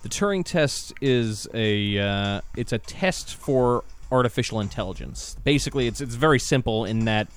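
A man's voice: mid-range voice, lively intonation, moderate pace, few pauses, clean tone, faint music behind. Profane ranting man on a podcast. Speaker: podcast co-host. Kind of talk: casual podcast chat.

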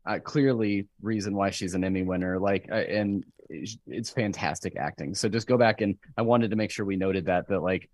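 Man, podcast co-host, lowish voice, eager and gushing, lots of "like" and "um". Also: moderate pace, hardly any pauses, a little mellow, no room sound. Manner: enthusiastic, piles on praise with many fillers. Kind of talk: casual chat about a TV episode.

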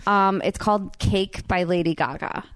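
A woman's voice: medium pitch, steady tone, moderate pace, fairly bright tone, dry recording, clean studio sound. A woman hosting a podcast, chatting casually and playfully, laughing often. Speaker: podcast host. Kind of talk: casual chat.

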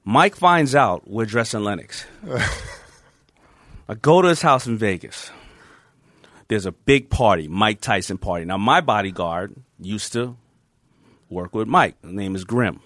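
A man telling stories as a podcast guest, lively and laughing, with casual swearing. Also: lowish voice, measured pace, long pauses, no echo, clean studio sound. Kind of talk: animated storytelling.

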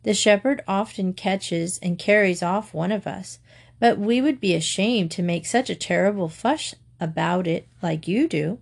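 A calm sheep, puzzled by the fuss around it, speaking slowly with mild disapproval, as a woman reads a storybook. Her pitch sits at a middle level. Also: creaky.

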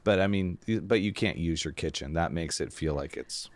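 A man's voice: deep voice, normal speed, no room sound. A man co-hosting a podcast in casual chat, rambling and self-interrupting, acting out his own thoughts. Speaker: podcast co-host.

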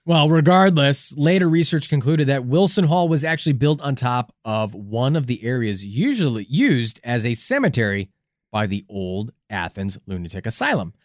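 Male co-host, jokey and theatrical, lively delivery, dry sound. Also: normal speed, dry recording. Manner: jokey, theatrical swings in pitch. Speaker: podcast co-host. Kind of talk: comedic paranormal podcast chat.

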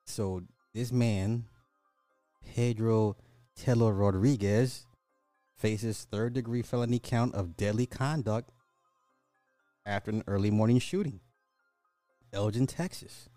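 A man's voice: fairly low pitch, takes it slowly, long pauses, dark tone, dry recording, faint music behind. A man hosting a podcast, reading news stories aloud and adding mocking asides in a casual way. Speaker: podcast host. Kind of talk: casual social commentary.

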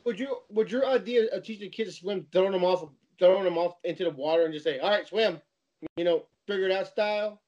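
A man chats casually with a notably high voice, telling stories with animated energy. The recording sounds dull and lo-fi. His retellings swing into excited outbursts. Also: quick pace. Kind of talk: casual chat.

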